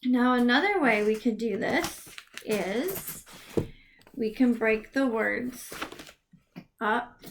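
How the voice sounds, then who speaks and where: A woman teaching a video lesson to young children, clapping out words in a slow, exaggerated, sing-song way. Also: on the high side, a little hiss or hum. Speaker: preschool teacher.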